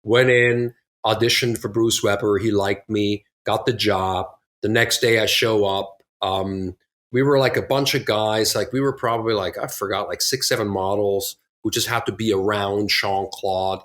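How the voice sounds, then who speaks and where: A man's voice: on the low side, normal speed. A middle-aged man, a guest on an interview podcast, telling stories about his career casually and animatedly, often acting out what others said. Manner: animated, acts out quotes from others, laughs often.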